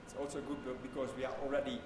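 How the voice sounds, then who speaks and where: A man's voice: medium pitch, little pitch movement, very fast. Man, chant teacher, patient explanations, short sung examples, echoey hall, noisy background.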